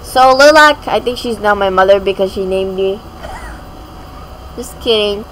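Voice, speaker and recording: A woman giving casual, giggly commentary while playing a video game, talking to herself and reacting excitedly. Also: mid-range voice, a little slow, slight background noise, poor audio. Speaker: gaming video creator.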